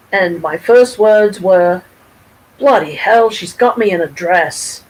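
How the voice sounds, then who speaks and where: A middle-aged woman from Michigan telling a story to her camera at home, rambling and animated, with frequent restarts and casual swearing. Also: fairly low pitch, poor audio. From Pontiac, Michigan, USA. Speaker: vlogger. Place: at home, with her cat nearby.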